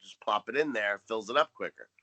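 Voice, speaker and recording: A man's voice: fairly low pitch, a little fast, bright, forceful tone. A man co-hosting a podcast in casual chat, making dry, joking asides. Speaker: podcast co-host.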